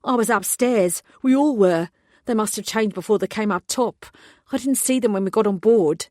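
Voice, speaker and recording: A frightened male tourist with a New Zealand accent pleads in breathless, jittery bursts, as a woman narrator puts him on. His voice sits a little high and tight with panic. The audiobook recording is close and dry. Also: normal speed, a little mellow, dry recording, natural voice. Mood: shaken.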